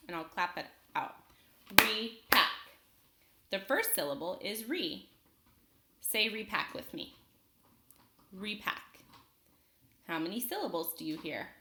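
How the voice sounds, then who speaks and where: A woman teaching a phonics lesson to young children, speaking slowly and clearly and pausing for them to answer. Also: mid-range voice, sing-song, bright, forceful tone, reverberant, slight background noise. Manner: slow, clear, patient teacher talk with pauses for students.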